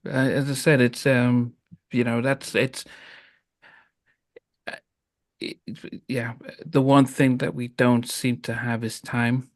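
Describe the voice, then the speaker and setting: Halting male interview host, dry sound. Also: mid-range voice, flat delivery, no echo. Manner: halting, with many restarts and soft affirmations. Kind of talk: casual interview chat.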